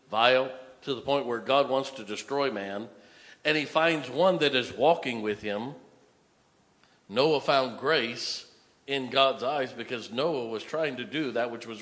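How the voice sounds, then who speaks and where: A man's voice: mid-range voice, a bit bright. A male pastor preaching a sermon in a church, reading scripture aloud and explaining it with emphatic, direct address to the congregation. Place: church sanctuary. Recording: long reverb of a large hall.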